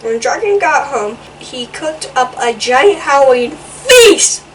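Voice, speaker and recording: Slow, high-voiced woman reading a picture book. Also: lively intonation, far from the mic, noisy background. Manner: playful, adds little comments between pages. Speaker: children's book reader.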